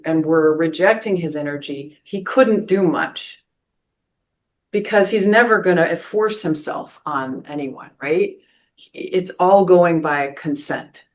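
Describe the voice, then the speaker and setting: Earnest woman pastor, low voice. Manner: earnest, many restarts and "right?" asides. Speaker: pastor and podcast host. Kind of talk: spiritual podcast talk, storytelling.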